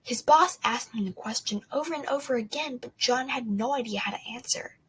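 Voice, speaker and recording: A woman teaching an English lesson in a chatty way, often soft and whispery, with small restarts. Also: a little high, a little fast, breathy edge, low-quality recording. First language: not English. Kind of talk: casual lesson, partly whispered.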